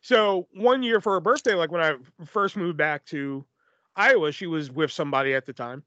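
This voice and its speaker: Man, podcast host, high lively voice, profane, rambling casual storytelling, dull dry recording. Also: moderate pace, no echo. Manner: profane, rambling, filler-heavy.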